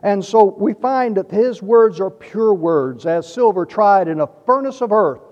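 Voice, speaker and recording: A man preaching a sermon, reading scripture in a measured way and stressing key words. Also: sits high, animated, darkish tone. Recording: dull lo-fi with long reverb.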